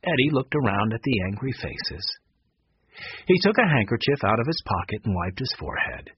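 Narrator, man, husky storyteller voice, very animated reading, dry lo-fi sound. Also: medium pitch, moderate pace, no room sound. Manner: expressive, lively storyteller. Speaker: audiobook narrator. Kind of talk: children's mystery read aloud.

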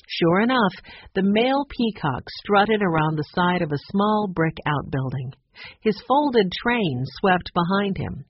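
A woman's voice: mid-range voice, a little slow, slightly rough, no echo. A woman narrating a children's audiobook expressively, voicing each character differently. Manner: expressive, varies voices for characters. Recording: dry, slightly dull recording.

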